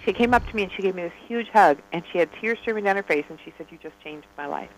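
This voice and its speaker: A man in casual conversation, telling a personal story with lively, animated delivery and acting out the dialogue. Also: high voice, rapid-fire, a little hiss or hum, poor audio. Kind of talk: casual chat.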